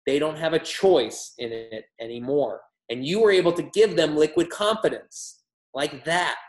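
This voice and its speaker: A man giving a motivational training talk on wellness products, energetic and emphatic with a humorous streak. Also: mid-range voice. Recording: roomy echo.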